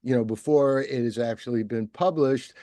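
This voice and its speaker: Male interviewer, mid-pitched, digressive, dry recording. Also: normal speed, dark tone, no echo. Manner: rambling, digressive. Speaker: host interviewer. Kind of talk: conversational interview.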